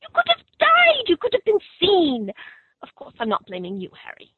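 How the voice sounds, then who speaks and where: A woman from Texas voicing a frantic, scolding motherly witch, shrill and swooping. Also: wildly swooping pitch, normal speed, no echo, full character voice. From Texas, USA. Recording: tinny dry phone line.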